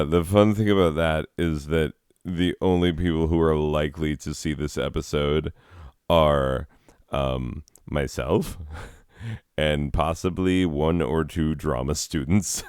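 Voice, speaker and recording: A man's voice: a bass voice, darkish tone, clean tone, no echo, studio quality. A man hosting a comedy show who also teaches drama, riffing with sardonic, self-deprecating asides.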